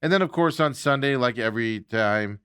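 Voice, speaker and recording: A man's voice: medium pitch, lively intonation, normal speed, a bit bright, clean tone, no echo, clean studio sound. A man hosting a casual sports talk show, rambling along with lots of fillers and chuckling asides.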